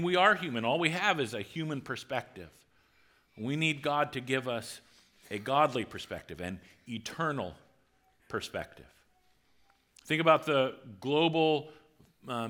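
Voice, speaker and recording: A male pastor delivering a sermon to his congregation. He talks in a relaxed, lively way and slips into voices for quoted lines. His tone is bright and crisp. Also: mid-range voice. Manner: conversational, animated, acts out quotes.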